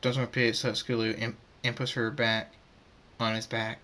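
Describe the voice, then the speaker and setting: A man reading a fan story aloud, halting and repeating words as he goes. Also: medium pitch, little pitch movement, sharp tone.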